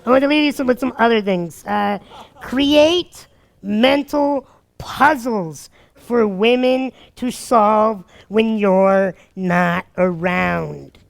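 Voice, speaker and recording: High-voiced, gravelly man telling stories. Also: slow. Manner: energetic, acts out quotes, laughs often. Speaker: dating advice speaker. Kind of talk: animated storytelling talk.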